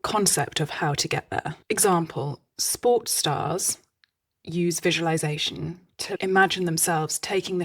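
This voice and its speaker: A woman's voice: low-pitched, slightly rough. A woman hosting a solo podcast, talking casually in a chatty, self-deprecating way with rambling asides. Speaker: podcast host.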